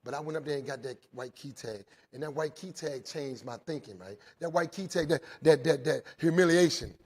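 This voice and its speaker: A slightly high, fairly quick voice, a little mellow and husky, belongs to a middle-aged man addressing inmates in a jail. His recovery testimony is earnest, full of repeated phrases, with "right?" closing almost every sentence.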